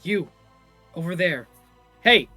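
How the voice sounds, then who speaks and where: A man's voice: fairly high pitch, normal speed, faint music behind, natural voice. Smitten teary warrior guy, all dramatic yearning, gm doing the voice. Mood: eager. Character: lovestruck male warrior, earnest and tearful. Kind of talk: tabletop role-play.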